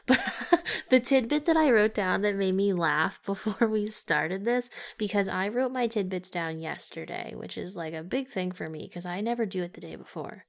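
A giggly woman co-hosting a casual movie podcast, laughing at her own jokes as she talks. Her voice sits at an ordinary middle pitch for a woman. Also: moderate pace. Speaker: podcast co-host. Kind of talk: casual movie-review chat.

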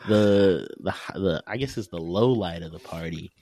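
A man's voice: sits low, normal speed, dark tone. A man co-hosting a casual podcast over a call, a slangy, swearing storyteller who acts out what others said. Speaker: podcast co-host. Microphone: remote call mic.

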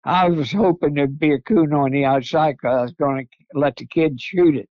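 An older man tells long, rambling stories in a folksy way. His voice sits a little high. The sound is dry and somewhat muffled, with a lo-fi quality. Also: normal speed, no echo. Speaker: guest. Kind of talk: storytelling interview.

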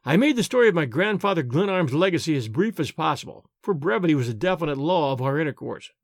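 Expressive male audiobook narrator. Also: on the high side, gravelly, dry recording, clean studio sound. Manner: measured, expressive reading.

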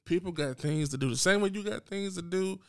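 A man's voice: high-pitched, brisk, clean tone, dry recording, studio quality. A man hosting a podcast, delivering a blunt, unapologetic solo rant straight to his listeners. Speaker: podcast host.

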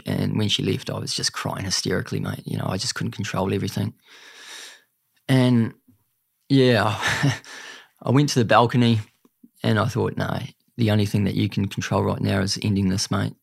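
Young kiwi guy, gravelly lowish voice, earnest, keeps saying mate, dry close sound. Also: no echo. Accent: New Zealand. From New Zealand. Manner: earnest, repeats "mate", halting restarts. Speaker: guest. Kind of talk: emotional personal story in a podcast interview.

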